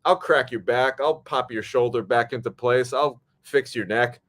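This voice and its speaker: A man hosting a podcast, telling a story in casual chat, animated and profane, acting out what people said. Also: medium pitch, normal speed. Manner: animated, acts out quotes, swears freely. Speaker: podcast host.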